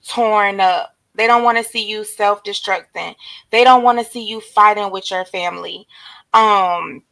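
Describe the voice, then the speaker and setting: A hoarse woman, chatting casually on a livestream and greeting viewers by name in a drawn-out, relaxed way. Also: medium pitch, rough recording. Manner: relaxed, drawn-out shout-outs to commenters. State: hoarse, losing her voice. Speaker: livestream host. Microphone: streaming setup.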